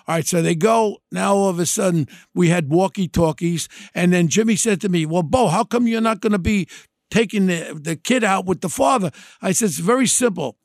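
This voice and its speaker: A man's voice: high-pitched, vocal fry, dry recording, studio quality. A man hosting a podcast, telling a true crime story in a rambling way and acting out the dialogue. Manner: rambling, repeats "next thing is", acts out quoted dialogue. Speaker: podcast host.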